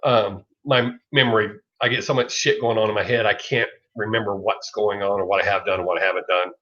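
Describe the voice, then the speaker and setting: A man's voice: on the low side, fairly even intonation, fairly quick, a bit bright. A middle-aged man with a Southern US accent, chatting casually on a livestream, rambling, swearing freely and laughing often. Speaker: livestream host. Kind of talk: casual live chat. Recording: lo-fi dull sound.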